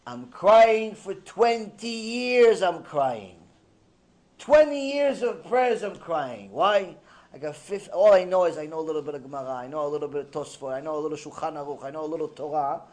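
A man's voice: fairly high pitch, expressive, normal speed, darkish tone, voice pushed down, natural voice. A man voicing a meek, devout young male Torah scholar who is the father of a large poor family and speaks in a pleading, plaintive way. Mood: lamenting. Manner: pleading, plaintive, sometimes tearful.

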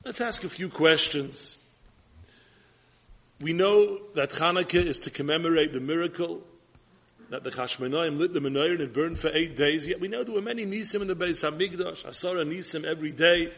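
A man preaching a sermon with Ashkenazi Hebrew pronunciation, his voice fairly high and husky. He speaks earnestly, building toward urgent appeals. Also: brisk, a bit bright.

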